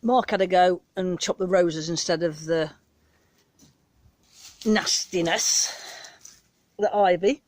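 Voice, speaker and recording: A woman's voice on the low side, slow and slightly mellow, with frequent pauses and a dry recording. She's a British gardening vlogger chatting casually and ramblingly in her back garden while filming herself on a handheld phone.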